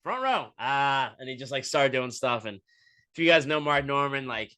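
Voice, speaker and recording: Young guy on a podcast, bright voice, swearing a lot, acting out who said what. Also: medium pitch, moderate pace, clear, resonant tone. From Florida, USA. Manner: profane, animated retelling with quoted voices. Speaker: podcast host. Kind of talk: casual storytelling monologue.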